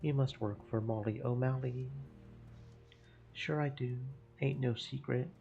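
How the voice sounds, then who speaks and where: A man's voice: mid-range voice, fairly even intonation, a little slow, vocal fry, warm tone, highs cut off, faint music behind. A man voicing a brassy young woman from a dock gang who talks in cheeky slang. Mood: brash.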